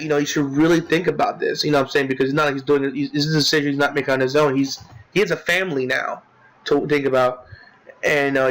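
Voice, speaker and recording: A man's voice: medium pitch, a bit bright, low-quality recording. A young man giving casual game commentary, rambling with many fillers and restarts, and growing indignant about a character. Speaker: let's play commentator.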